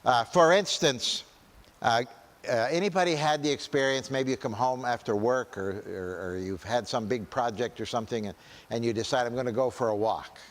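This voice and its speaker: A man with a medium-pitched voice and a moderate pace gives a conversational church seminar talk at a camp meeting, often checking in with "right?" and restarting sentences. He's in a large meeting hall, and the recording has a long hall reverb.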